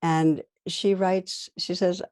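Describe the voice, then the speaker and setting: A woman meditation teacher giving a gentle, reflective dharma talk, weaving in stories. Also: lowish voice, flat delivery, takes it slowly, dry recording.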